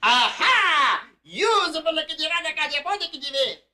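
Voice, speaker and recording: A man putting on an excitable foreign man who babbles rapid nonsense syllables with sudden exclamations. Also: very high-pitched, voice pushed up, full character voice. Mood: excited.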